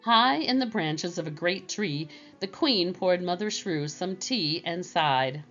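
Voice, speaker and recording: A woman narrating a children's storybook in a slow, gentle reading manner. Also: fairly low pitch, lively intonation, muffled recording, faint music behind.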